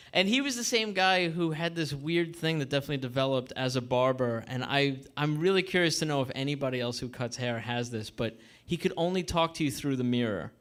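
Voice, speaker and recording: A man's voice: mid-range voice, fairly bright tone. A man in his thirties from Staten Island, co-hosting a podcast in casual chat, rambling through anecdotes and chuckling as he goes. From Staten Island, New York. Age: 30s. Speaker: podcast co-host.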